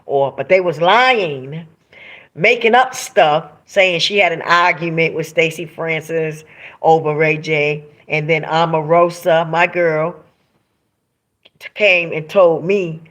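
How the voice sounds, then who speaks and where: A woman's voice: deep voice, takes it slowly. Emphatic woman chatting live with viewers. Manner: emphatic and animated, talks straight to viewers. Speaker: author hosting a live stream. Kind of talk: casual live-stream chat reading viewer comments.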